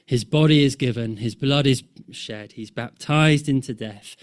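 A man preaching a sermon, rhythmic and impassioned, rising in force and falling to a hush. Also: medium pitch. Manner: slow, rhythmic, swelling and dropping to near-hush.

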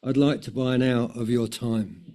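A man's voice: medium pitch, fairly even intonation, normal speed, mellow, natural voice. A man reading as a pleading little boy. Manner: earnest, pleading storybook reading. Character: small seven-year-old boy pleading with his father.

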